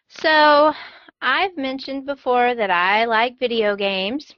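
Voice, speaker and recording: Woman, podcast host, enthusiastic casual chat, mid pitch, dull dry recording. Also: no room sound. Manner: chatty, playful, enthusiastic.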